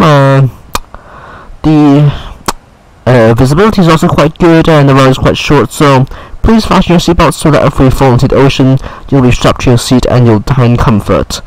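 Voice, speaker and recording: A man putting on a rambling airline captain making a cabin announcement, slipping deadpan dark jokes between filler words. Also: medium pitch, no echo, natural voice, low-quality recording. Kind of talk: mock pilot announcement.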